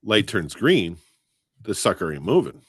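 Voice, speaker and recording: A man's voice: fairly low pitch, unhurried, slightly rough, no room sound, clean studio sound. A man co-hosting a podcast, chatting casually and telling stories with animation. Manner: storytelling, animated. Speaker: podcast co-host. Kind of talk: casual chat.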